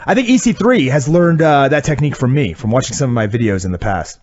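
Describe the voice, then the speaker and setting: A man's voice: mid-range voice, animated, fast, a little mellow. A man co-hosting a casual podcast, rambling through a wry play-by-play recap of wrestling episodes. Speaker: podcast co-host reviewing wrestling. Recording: dull lo-fi audio.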